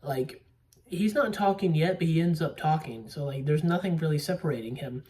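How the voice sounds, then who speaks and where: A man's voice: a little high, normal speed, a little mellow. A young man casually recapping a movie plot, rambling with lots of fillers and the odd swear word. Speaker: movie podcaster. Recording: voice a bit distant from mic.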